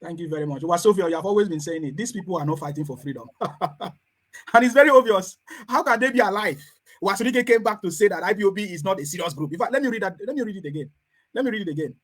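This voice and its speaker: Quick, high-voiced male host. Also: lively intonation, a bit bright. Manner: rapid, questioning, prompting guests. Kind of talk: online discussion hosting.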